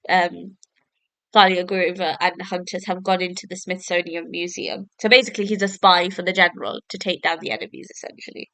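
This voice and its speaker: A woman's voice: mid-range voice, fairly bright tone, dry recording, poor audio. Chatty young woman podcaster. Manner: chatty, full of fillers like "basically" and "like". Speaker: podcast host. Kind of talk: casual book review monologue.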